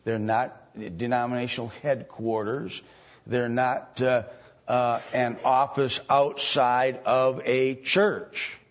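A man teaching from the Bible in a slow, halting way, with many ums and restarts. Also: medium pitch, flat delivery. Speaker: preacher. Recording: dull lo-fi recording.

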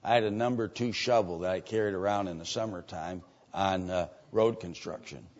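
An older man preaching a sermon and reading scripture aloud. He moves between loud, emphatic preaching and quiet asides. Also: sits low, moderate pace. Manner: reads scripture aloud in old-fashioned wording. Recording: dull lo-fi sermon recording.

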